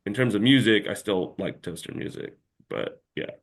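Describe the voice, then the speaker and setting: A man's voice: on the low side, sing-song, moderate pace, vocal fry. A man telling a long story as an interview guest in a casual chat, rambling and packed with filler words.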